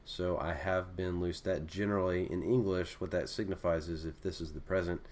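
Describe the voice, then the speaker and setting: A man's voice: sits low, normal speed. A man teaching a casual screen-recorded lesson, thinking aloud as he writes and correcting himself as he goes. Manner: relaxed, thinking aloud with fillers and self-corrections. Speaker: Greek teacher.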